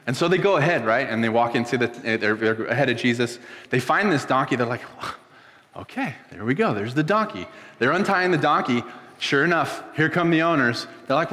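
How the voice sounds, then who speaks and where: A pastor giving a casual, emotional sermon, telling the story loosely and dropping soft when moved. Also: male voice, medium pitch, lively intonation, fairly quick. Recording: long hall reverb.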